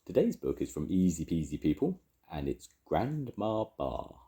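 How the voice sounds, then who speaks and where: An older man reading a children's story aloud, gently chatting with young listeners between lines. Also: sits low, big pitch swings, moderate pace. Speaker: storytelling grandad.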